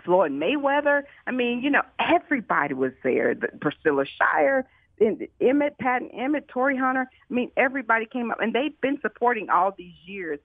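A woman who founded a food pantry, telling her stories in an interview with excited, animated energy and lots of quoted dialogue. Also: fairly high pitch, fairly quick, dry recording. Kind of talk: storytelling in an interview. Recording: tinny phone-like line, dry.

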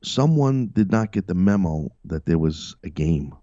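Blunt lively low-voiced man hosting. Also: measured pace, no echo, highs cut off. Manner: emphatic, blunt and profane with sarcastic asides. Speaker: podcast host. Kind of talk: casual wrestling commentary.

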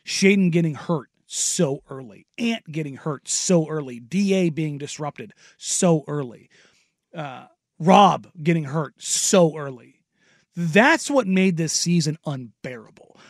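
A laid-back man talking sports in a casual podcast chat, with a voice a little higher than most men's. He often drops quieter and laughs easily. The sound is dry and close. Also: animated, slow pace, no room sound.

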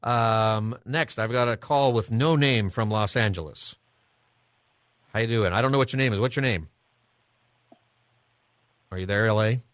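A man hosting a call-in radio show, thinking aloud and halting with ums and restarts. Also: fairly low pitch, fairly bright tone, no echo, studio quality.

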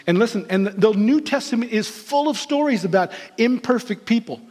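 High-voiced man preaching in a reverberant sanctuary. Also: fairly quick, hardly any pauses. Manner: animated storytelling, acting out quoted characters. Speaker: pastor. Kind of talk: sermon. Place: church sanctuary.

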